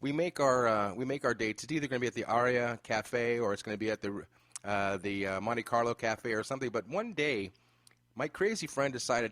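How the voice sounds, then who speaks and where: A man hosting a podcast interview, telling an animated story with many fillers. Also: mid-range voice, brisk, no room sound. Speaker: podcast host. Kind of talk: casual interview chat.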